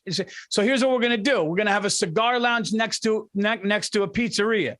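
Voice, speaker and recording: A man with a New York accent riffs excitedly in a casual podcast chat, circling back and repeating phrases as he goes. His voice sits notably high for a man. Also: brisk, few pauses. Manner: excitable, rambling, repeats himself. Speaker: podcast co-host.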